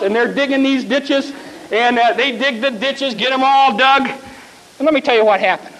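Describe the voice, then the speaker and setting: Male preacher, very high voice, folksy animated storyteller. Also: moderate pace, rough recording. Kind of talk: sermon.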